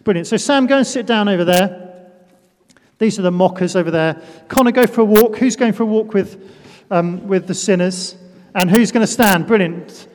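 Playful high-voiced preacher in a hall. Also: male voice, moderate pace, darkish tone. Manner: playful, self-deprecating, calls out volunteers. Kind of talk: sermon with a children's demonstration. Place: church hall. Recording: echoey church hall.

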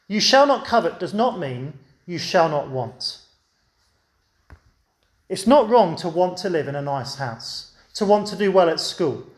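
Male preacher, story-led children's talk, questions the audience, high voice, echoey church.

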